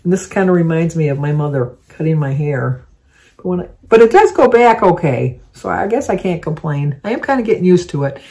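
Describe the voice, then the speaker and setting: A woman's voice: lowish voice, animated, a little fast, dark tone. An older woman, chatting at home to the camera in a rambling, meandering way full of asides. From Michigan. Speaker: vlogger. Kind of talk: casual chat to camera.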